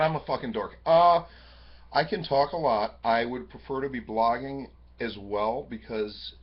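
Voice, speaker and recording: A man talking into his webcam in a rambling, profane personal monologue, jumping between excited high bursts and low, quiet musing. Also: breathy edge. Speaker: vlogger. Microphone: webcam microphone. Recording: dull lo-fi webcam audio.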